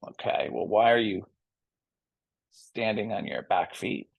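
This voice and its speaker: A man voicing a small, wary pack rat in a told story, speaking hesitantly and quietly. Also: on the low side, lively intonation, a little slow, gravelly, slightly rough, no echo, exaggerated voice. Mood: skeptical. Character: small timid skeptical male pack rat.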